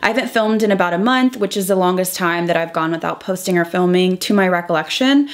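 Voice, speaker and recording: A young woman beauty vlogger talking through a chatty get-ready-with-me, emotional and halting, close to tears. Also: on the low side. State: close to crying.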